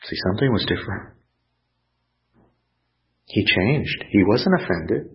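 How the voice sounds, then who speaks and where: A man preaching a sermon, earnest and pausing, lifting his voice when he quotes scripture. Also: fairly low pitch, expressive. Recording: dull lo-fi sound.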